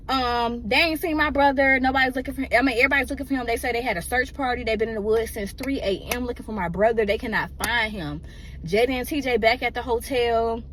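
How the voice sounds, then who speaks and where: Emotional woman telling a story, raised pitch. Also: slight background noise. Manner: emotional, rambling, addresses listeners as "y'all". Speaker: guest telling a personal story. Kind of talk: casual storytelling to an audience.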